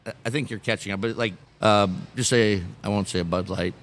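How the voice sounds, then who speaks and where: A man's voice: on the low side, fairly even intonation, a little fast, a little hiss or hum. A man from Canada with a Canadian accent, chatting casually on a podcast as a guest, laughing often and trailing off into restarts.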